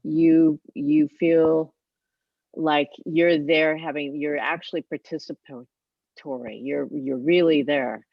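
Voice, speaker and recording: An older woman speaking as an interview guest, reflective and halting, with pauses and fillers. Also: low voice, steady tone, no echo. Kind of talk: casual interview talk. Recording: dull, dry lo-fi remote audio.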